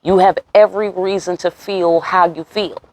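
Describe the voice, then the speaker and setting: A woman giving a casual tarot reading. She talks straight to the viewer with a lot of attitude and cursing, and jumps up in pitch on her rhetorical questions. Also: fairly even intonation, normal speed, a little mellow. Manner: sassy, talks straight to viewers, curses freely. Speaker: tarot reader.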